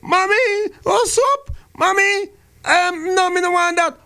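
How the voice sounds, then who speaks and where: A man's voice: very high voice, takes it slowly, gravelly, sharp tone, pitched above the performer's own voice, heavily acted. A man voicing a crying, whining little boy. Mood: whiny, pleading. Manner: whining, pleading, repeating mommy.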